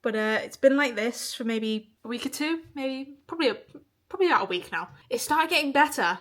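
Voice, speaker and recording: A woman's voice: high voice, lively intonation, brisk, fairly bright tone. A young woman from the of England talking casually to camera in a weekly vlog, chatty and open, swearing freely and laughing often. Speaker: vlogger.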